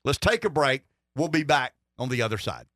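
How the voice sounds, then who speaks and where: A man's voice: mid-range voice, lively intonation, fairly quick, noisy background. A middle-aged man hosting a political talk radio show, rambling and wry, with lots of restarts. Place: radio studio.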